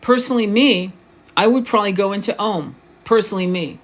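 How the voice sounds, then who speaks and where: This woman's voice is medium-pitched and fairly quick. As a spiritual coach and tarot reader, she talks in a casual live-stream monologue that's blunt and informal, full of swearing, restarted words, and questions aimed at the viewer.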